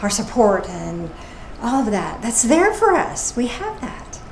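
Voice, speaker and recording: A woman minister giving a casual, playful sermon with animated asides. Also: fairly high pitch, a little slow. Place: church service. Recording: echoey room with faint noise.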